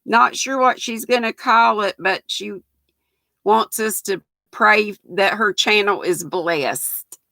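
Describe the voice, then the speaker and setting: A woman's voice: medium pitch, slow pace, gravelly, bright, forceful tone, no room sound. An older woman, hosting a casual livestream and greeting her viewers by name in a folksy way. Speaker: livestream host.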